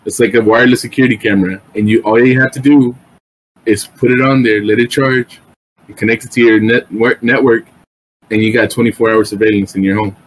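A man co-hosting a podcast in casual chat, explaining things in a slow, laid-back way. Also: on the low side, steady tone, rough recording. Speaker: podcast co-host.

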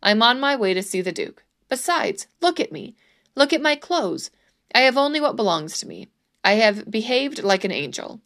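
A woman's voice: a little high, sing-song, normal speed, fairly bright tone. A woman voicing a frightened, reluctant middle-aged peasant man made governor, pleading and protesting. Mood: firm.

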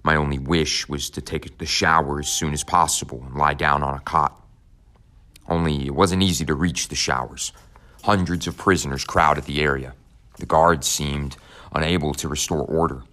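This audiobook narrator's voice is extremely deep. Reading scripted first-person narration, he keeps a steady, unhurried pace with a measured and somber delivery.

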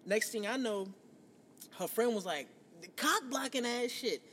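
A man in his thirties from New York, hosting a casual podcast and telling a profane, animated story. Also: very high voice, measured pace, long reverb tail, a little hiss or hum. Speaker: podcast host.

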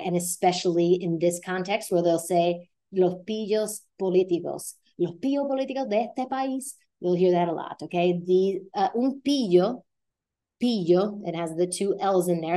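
A woman hosting a casual vocabulary lesson in a chatty way, often slowing down to repeat words and model their pronunciation. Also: mid-range voice, warm tone. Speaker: language teacher and podcast host. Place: Puerto Rico.

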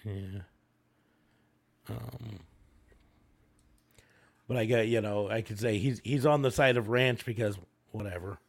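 A man co-hosting a casual chat, rambling with many pauses and fillers. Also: lowish voice, gravelly. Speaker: podcast co-host.

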